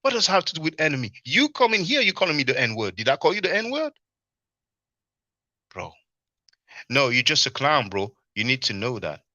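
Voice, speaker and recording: A man's voice: medium pitch, wildly swooping pitch, normal speed, pauses often, sharp tone, dry recording. A man hosting a casual livestream, laughing often and reading chat comments aloud to answer them. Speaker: livestream host. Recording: dull, lo-fi stream audio.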